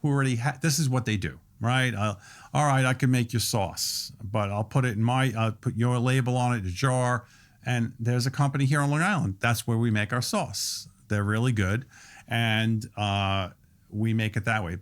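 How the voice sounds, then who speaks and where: A restaurant owner in his sixties, appearing as a guest on a podcast interview, explains things at length in a steady, detailed way. His voice is medium-pitched and his pace moderate.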